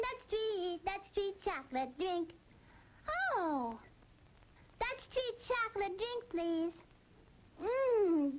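A woman voicing a playful little kid in an old cartoon commercial, with a high childlike voice. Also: slight background noise, exaggerated voice. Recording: dull lo-fi old film soundtrack.

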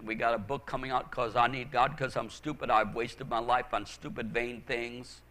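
An older man, a pastor, preaching an impassioned sermon that swings from shouted calls to quiet, hushed confession. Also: medium pitch, flat delivery, moderate pace, few pauses.

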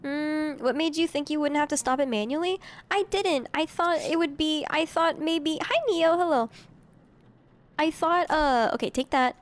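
A woman's voice: high voice, normal speed. A young adult woman streaming a game, giggling often, reading game text aloud and chatting with her viewers in a scattered, playful way. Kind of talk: casual game commentary.

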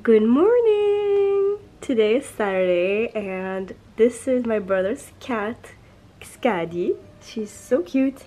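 A woman's voice: mid-range voice, slow pace, warm tone, slight background noise, low-quality recording. A young woman vlogging casually to a handheld camera, chatty and full of fillers, sick with a heavy cold. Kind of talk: casual vlog talk to camera.

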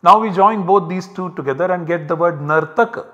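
Methodical male lecturer, slightly high voice. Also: fairly bright tone, long reverb tail, muffled recording. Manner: slow, methodical explaining. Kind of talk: university lecture.

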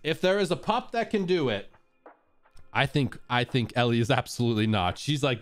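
A man's voice: medium pitch, animated, normal speed, faint music behind. A man casually chatting on his live stream while playfully coaxing his dogs through a treat trick, laughing often.

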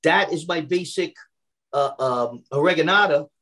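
A man's voice: on the high side, moderate pace, pushed and bright, poor audio. A man from Brooklyn, a personal chef chatting casually on a video call, full of fillers and restarts. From Brooklyn, New York. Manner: chatty, repeats words when starting, many fillers.

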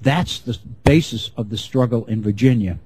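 Measured male history lecturer, mellow voice. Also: medium pitch, breathy edge, rough recording. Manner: measured, repeats and restarts phrases.

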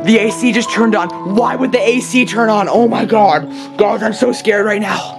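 Melodramatic woman yelling in mock fright. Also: mid-range voice, normal speed, vocal fry, music in the background. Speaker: YouTuber. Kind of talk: comedic horror-challenge vlog.

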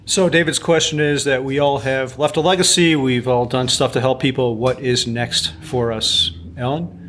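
A man's voice: medium pitch, normal speed. Man moderating a live Q&A in an echoey hall. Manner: friendly, relaxed, repeats questions. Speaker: podcast host moderating Q&A. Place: event hall with audience. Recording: echoey live venue, faint noise.

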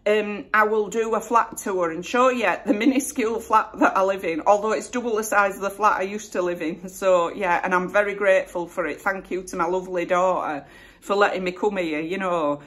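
This middle-aged Bradford vlogger speaks a little fast in a steady, fairly bright mid-range voice with a West Yorkshire accent. She rambles chattily through a casual Q&A, self-correcting as she goes.

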